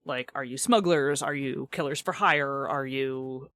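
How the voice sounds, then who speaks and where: A woman's voice: a bass voice, unhurried, fairly bright tone, no room sound. Woman podcast host chatting, laughs a lot, a bit sarcastic, dead dry close mic. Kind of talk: casual chat about tabletop games.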